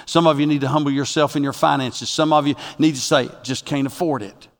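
A pastor preaching a sermon to his congregation. He moves from quiet reflection to loud, rising exhortation. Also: fairly high pitch, steady tone, fast, gravelly, in a large hall.

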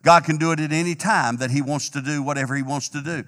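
Man, pastor, sermon, slightly hoarse, emphatic, bright tone, long church reverb. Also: on the high side, steady tone, fast talker. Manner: emphatic, repetitive storytelling. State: slightly hoarse, clearing throat.

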